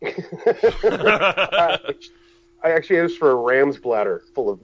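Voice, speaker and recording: A man telling a story in a casual, profane, animated way, acting out the people in it. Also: fairly high pitch, slow pace, highs cut off, slight background noise.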